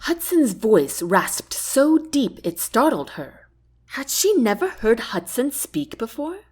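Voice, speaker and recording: A woman narrating a fantasy novel chapter as an audiobook host, in a gentle, unhurried reading. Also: on the high side, sing-song, husky. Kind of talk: storybook narration.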